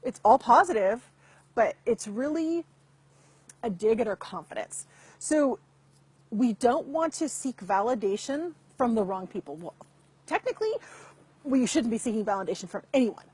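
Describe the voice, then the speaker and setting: A woman's voice: fairly high pitch, expressive, normal speed, long pauses, darkish tone, husky. A middle-aged woman hosting a chatty live stream, talking straight to her viewers over a computer mic. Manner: chatty, repeats and restarts, addresses viewers directly. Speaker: host. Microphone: computer mic over weak internet.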